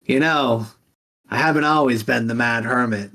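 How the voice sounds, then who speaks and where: A man's voice: medium pitch, moderate pace, sharp tone. A man voicing a lonely, eccentric old male forest hermit in a tabletop game, friendly and self-pitying. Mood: wistful. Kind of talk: tabletop game role-play.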